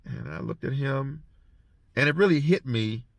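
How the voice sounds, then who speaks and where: On his way home after treatment, a former prison officer with a medium-pitched voice and vocal fry gives a casual spoken reflection. He halts and repeats words as he tells his stories, and there's no room sound.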